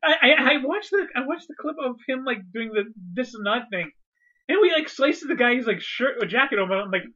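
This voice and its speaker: Wry man with a high, bright voice. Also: expressive, fairly quick, lo-fi sound. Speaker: podcast co-host. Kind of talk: casual movie chat.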